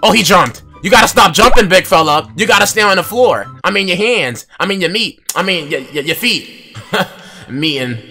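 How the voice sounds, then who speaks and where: A young man with a New York accent trash-talking while he plays, loud one moment and muttering the next. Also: high voice, animated, normal speed, faint music behind. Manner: loud, swings between yelling and muttering. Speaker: gaming YouTuber. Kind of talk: trash-talking gameplay commentary.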